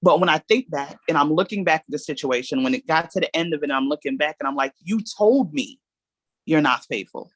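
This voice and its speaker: A woman's voice: low voice, fast talker, hardly any pauses, a bit bright, dry recording. A woman guest on a podcast, telling her own story candidly in long, earnest reflections.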